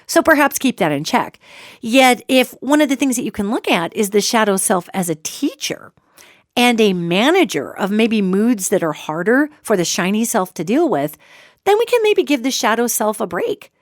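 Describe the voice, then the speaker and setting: A woman hosting a solo podcast, talking in an animated, joking way and acting out quoted voices. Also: on the high side, moderate pace, no echo, studio quality. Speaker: podcast host.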